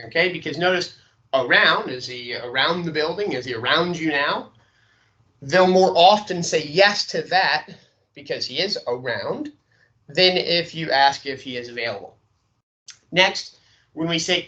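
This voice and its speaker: Bright-voiced male sales trainer. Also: a little high, animated, normal speed, dull audio. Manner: frequent "okay?" check-ins, demonstrative inflections. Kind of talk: training lecture.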